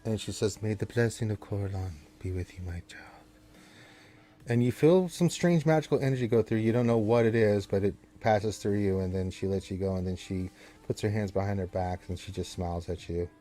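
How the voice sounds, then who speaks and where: A man's voice: fairly low pitch, fairly even intonation, brisk, dark tone, faint music behind. A man narrating as game master of a tabletop game in a loose, conversational way with fillers.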